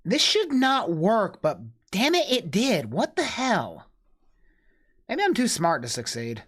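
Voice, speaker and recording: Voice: medium pitch, wildly swooping pitch, slow pace, a bit bright. A streamer reacting to a video, making blunt jokes with swearing. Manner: blunt joking interjections with swearing. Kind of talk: live reaction commentary.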